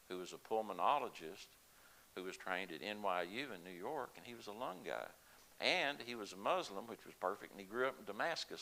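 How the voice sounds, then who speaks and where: A man's voice: low-pitched, fairly bright tone, poor audio. An older man telling a personal story to a congregation in a folksy, conversational way. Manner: folksy, conversational, with laughs and asides. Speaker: lay speaker at a church service.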